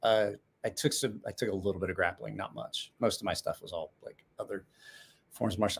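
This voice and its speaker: A man's voice: lowish voice, fairly quick, a bit bright. Rambling casual male livestreamer. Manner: rambling, self-correcting, chatty. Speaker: livestream host.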